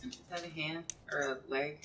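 A woman's voice: low-pitched, fairly even intonation, moderate pace, sharp tone, distant mic, a little hiss or hum. A drunk woman joining a game stream, chatting bluntly and teasing. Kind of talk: casual chat on a game stream.

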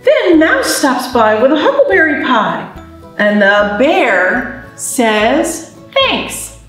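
In a roomy library, a children's librarian reads a picture book and teaches babies and parents signs, her high, fairly bright voice slow and full of big pitch swings in sing-song storytime fashion. Soft background music plays, and the distant mic records a very echoey room.

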